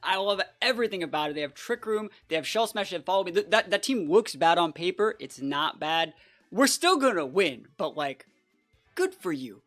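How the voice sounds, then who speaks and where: An excitable young adult talks through a competitive match, casual and quick to react. The voice swings widely in pitch. Soft music plays underneath. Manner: casual and excitable, heavy use of "like" and "bro". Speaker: competitive battle player and channel host. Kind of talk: live gameplay commentary.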